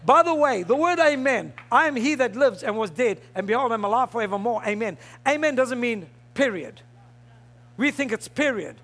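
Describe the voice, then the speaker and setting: A male pastor preaching a fervent sermon, often rising into shouts. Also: very high voice, animated, moderate pace.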